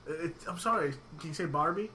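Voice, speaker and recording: A man co-hosts a casual podcast, rambling with plenty of "like" and quick to tease his friend. His voice is fairly high-pitched with a sharp tone, and there's a little hiss or hum on the recording.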